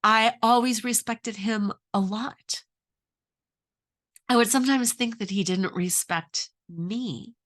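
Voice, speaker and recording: Speaking slowly in a fairly high, fairly bright voice, a middle-aged relationship coach tells her own story. She's earnest and asks lots of questions as she gives advice.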